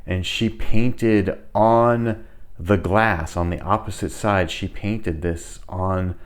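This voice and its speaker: A man's voice: deep voice, slow pace, smooth. A middle-aged man casually telling rambling stories while giving a tour of his home. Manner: chatty, rambling, animated when retelling. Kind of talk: casual storytelling.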